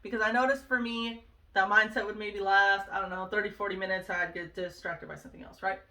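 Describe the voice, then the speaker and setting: A woman's voice: mid-range voice, steady tone, a little fast, bright, forceful tone, recorded from a distance. A woman talking earnestly and casually to the camera, giving personal advice on overthinking, often asking "right?". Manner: earnest and conversational, many asides and "right?". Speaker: vlogger sharing self-help advice.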